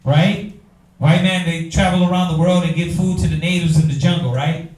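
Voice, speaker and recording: A man, teaching a Bible class in an animated preaching style, talking straight to the room. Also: fairly high pitch, moderate pace, far from the mic. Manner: animated, talks to the room, acts out quoted voices. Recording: echoey room from afar.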